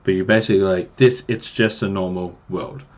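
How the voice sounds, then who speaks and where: A man's voice: sits low, fairly even intonation, fairly quick, dull audio. A man who runs tabletop games, giving casual advice on a livestream in a rambling, self-deprecating way and swearing now and then. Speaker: game master and streamer.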